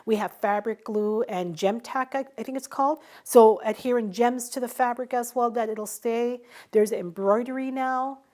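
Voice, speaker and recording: A woman's voice: fairly high pitch, normal speed, hardly any pauses. A middle-aged woman in a conversational interview, telling stories and acting out the dialogue she quotes. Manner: animated, acts out quoted dialogue. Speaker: interviewee, small business owner.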